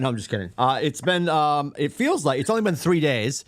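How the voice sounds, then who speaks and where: A man hosting a morning office livestream, joking and self-deprecating with quick asides. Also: a little high, animated, dry recording. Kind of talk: casual chat.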